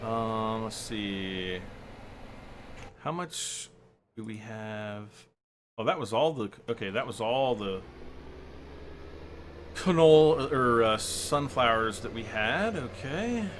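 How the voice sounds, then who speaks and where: A man's voice: lowish voice, animated, takes it slowly, pauses often, slight background noise. A man hosting a game livestream, chatting casually and rambling as he answers viewers' chat questions between moves.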